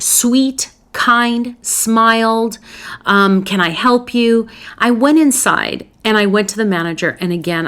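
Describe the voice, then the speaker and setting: A woman host with a middle-range voice talks through advice in an earnest, personal way. She tells anecdotes from her own life and sometimes stops and restarts a sentence mid-thought. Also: mid-range voice. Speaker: psychologist host. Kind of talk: solo advice talk.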